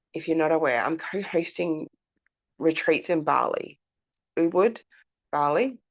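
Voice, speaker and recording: A woman's voice: low-pitched, gravelly. A woman, hosting her own podcast in a candid, chatty monologue full of fillers and the odd swear word. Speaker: podcast host. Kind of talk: casual reflective monologue.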